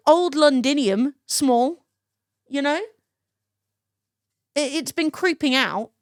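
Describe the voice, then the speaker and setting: A woman's voice: high voice, no echo, studio quality. A woman from London with a British accent, telling stories casually on a stream, laughing and swearing freely. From London, England. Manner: chatty storytelling, swears freely, laughs often. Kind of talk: casual chat.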